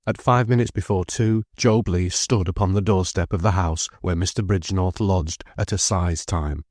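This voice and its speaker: A man narrating an audiobook in a measured, even storytelling manner, close to the mic. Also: sits low, dry recording. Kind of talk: scripted narration.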